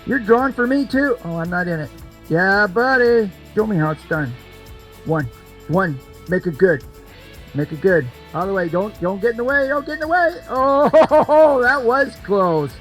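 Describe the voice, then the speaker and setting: An older man runs a cornhole game at an event, joking with and coaxing the crowd in lively banter and playfully repeating himself. His voice is high for a man and fairly bright, with faint music drifting in behind.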